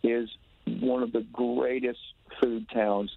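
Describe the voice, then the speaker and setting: A man's voice: medium pitch, flat delivery, slow pace, vocal fry, faint music behind. Southern man on a tinny phone line. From Tennessee. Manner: rambling, enthusiastic, many restarts and fillers. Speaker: touring musician guest calling in. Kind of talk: casual phone interview. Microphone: telephone.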